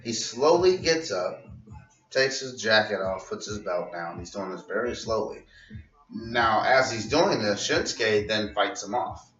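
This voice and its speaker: Rambling, profane wrestling vlogger, bright voice. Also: male voice, on the low side, lively intonation, unhurried, far from the mic, soft background music. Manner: rambling, profane, laughs at his own jokes. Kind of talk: casual recap and commentary. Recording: roomy, muffled and off-mic.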